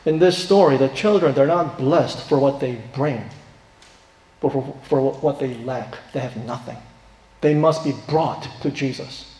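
A man preaching a sermon, asking rhetorical questions and stressing key points, then dropping to quiet asides. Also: mid-range voice, unhurried. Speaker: pastor. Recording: echoey hall reverb.

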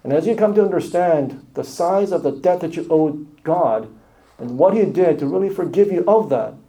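A man delivers a sermon in a slightly high, gravelly voice. His tone is dark and mellow, and he presses his points home by piling up short, repeated phrases with earnest emphasis. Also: expressive, moderate pace, poor audio. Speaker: pastor.

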